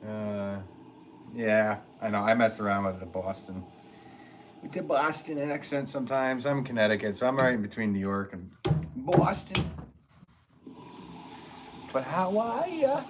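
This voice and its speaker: A man's voice: lowish voice, a little fast, background noise. A middle-aged man hosting a casual live stream as a potter, chatting with viewers in an easygoing, rambling, jokey way. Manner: easygoing, rambling, jokey with frequent ums and restarts. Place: pottery studio.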